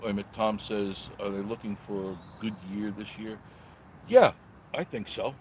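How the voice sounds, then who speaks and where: A man's voice: fairly low pitch, normal speed, darkish tone, slight background noise. A man vlogging while driving, casually chatting with viewers and reading their comments in a rambling, joking way. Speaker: vlogger reading live chat. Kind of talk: casual live-stream chat while driving. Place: in a car on the road.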